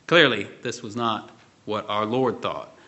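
A man preaching a measured sermon, pausing often with fillers. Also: on the low side, sharp tone. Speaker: pastor. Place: church.

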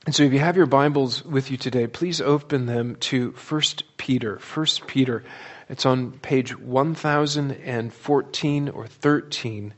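A man preaching a sermon in a church, talking conversationally and slowing down and softening on key words. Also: mid-range voice, highs cut off. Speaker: pastor. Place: church sanctuary.

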